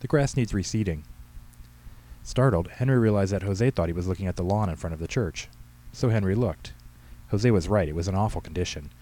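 A man reading aloud his own humorous short story with a brisk, wry delivery. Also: deep voice, mellow, low-quality recording. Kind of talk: storybook narration.

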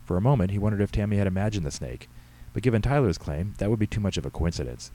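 Man, author narrating, low voice, warm, measured storytelling. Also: expressive, poor audio. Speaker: author reading his own story. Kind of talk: scripted narration.

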